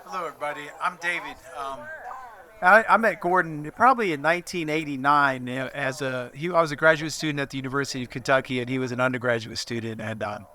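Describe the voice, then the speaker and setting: A man of around sixty giving a eulogy for an old friend, speaking in a measured, hesitant way with many fillers. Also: on the high side, pushed and bright. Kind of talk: memorial speech, reminiscence.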